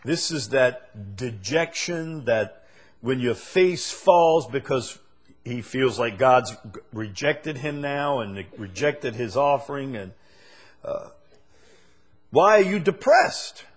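A man's voice: medium pitch, lively intonation, slow pace. A male preacher giving a sermon, asking the same question again and again and building to emphatic peaks.

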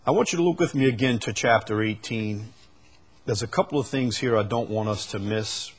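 A man preaching a sermon, dropping to quiet low asides and then rising into loud, drawn-out proclamations, repeating phrases for emphasis. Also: breathy edge. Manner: repeats phrases for emphasis and reads scripture aloud.

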